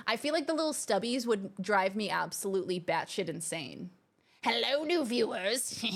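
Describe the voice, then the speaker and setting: A woman streamer chats casually from her home streaming room, reading out viewer messages. Her voice sits a little high and swoops up and down, and she gushes and exclaims at every small thing. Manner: bubbly, gushing, quick to exclaim. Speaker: livestream host.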